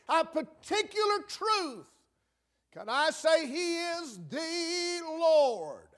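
A man preaching a sermon, repeating phrases with emphatic, folksy, drawn-out delivery. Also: very high voice, fairly bright tone.

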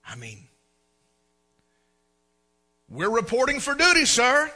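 Bright-voiced preacher man. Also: extremely high pitch, slow pace. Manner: folksy, animated storyteller who acts out scenes. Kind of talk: storytelling sermon.

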